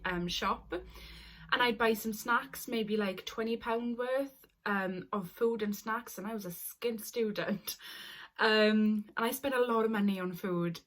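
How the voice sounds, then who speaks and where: Emotional young woman vlogging. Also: medium pitch. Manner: emotional, apologetic, earnest. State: tearful at times. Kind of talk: personal confessional story.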